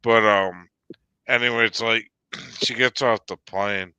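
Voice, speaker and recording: A man with a low voice tells a meandering story at an unhurried pace, stopping often for ums and restarts. His voice sounds bright and clear. The recording is dry and close. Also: fairly even intonation, no room sound, dull audio. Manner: rambling storyteller with many fillers and restarts. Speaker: live stream panelist. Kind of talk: casual chat.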